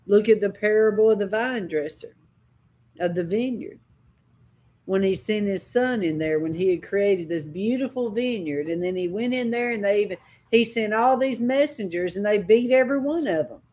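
A woman's voice: medium pitch, normal speed, darkish tone. A woman preacher giving a sermon, telling a dream as personal testimony in a dramatic, impassioned way with sudden cries.

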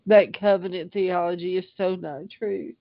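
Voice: mid-range voice, steady tone, normal speed, creaky, no echo, highs cut off. An older Bible teacher reading scripture aloud and stopping often for heartfelt asides.

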